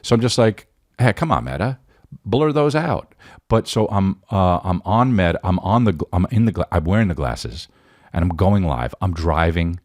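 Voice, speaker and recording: A man's voice: low-pitched, normal speed, a little mellow, no echo, studio quality. A man in his forties hosting a casual solo podcast, rambling with lots of restarts and tag questions, his voice sore and worn. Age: 40s. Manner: rambling with many restarts and "right?". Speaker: podcast host.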